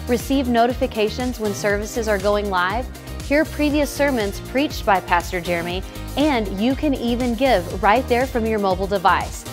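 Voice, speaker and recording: Woman reading a church app promo over music. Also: mid-range voice. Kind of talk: recorded announcement. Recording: announcement read over music.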